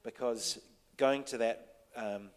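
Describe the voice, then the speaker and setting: A man's voice: medium pitch, steady tone, smooth. Hesitant New man in a reverberant hall. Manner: halting, many restarts and fillers, soft-spoken. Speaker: TV director on a panel. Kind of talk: casual anecdote to an audience.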